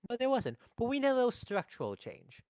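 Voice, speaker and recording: A man's voice: extremely high pitch, quick pace, dry recording. A man co-hosting a podcast, riffing goofily in casual chat. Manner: goofy, riffing, animated. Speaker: podcast co-host.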